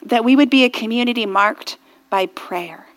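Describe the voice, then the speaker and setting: A woman pastor preaching a sermon earnestly and reflectively, often dropping to a hushed near-whisper and rising to fervent prayer. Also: on the high side, normal speed. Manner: rises to fervent intensity in prayer.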